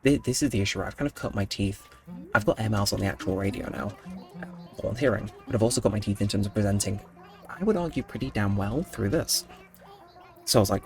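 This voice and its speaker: A young gaming channel host tells stories during late-night gameplay commentary in a low-ish, animated voice at a quick pace. He rambles and bursts into mock-indignant outbursts.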